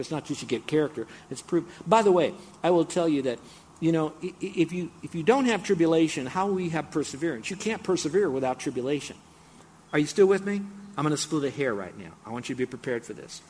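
A man preaching a sermon, talking straight to his congregation in a conversational way, now and then getting excited and acting out a game show host. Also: a little high, slight background noise. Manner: animated, bursts into excited game-show mimicry; conversational, addresses congregation directly.

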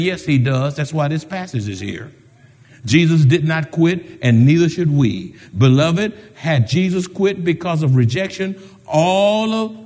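Preacher man, high voice that swings all over, big echoey church. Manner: animated preaching with call-outs and retold conversations. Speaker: pastor. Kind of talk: sermon. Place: church sanctuary. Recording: long reverb of a large hall.

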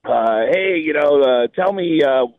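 Brief: male stand-up comic from New York, animated storyteller, lively pitch, dry lo-fi sound. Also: measured pace, no echo. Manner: lively storyteller, voices the people in his anecdotes. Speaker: stand-up comedian, guest. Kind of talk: animated storytelling on a talk show.

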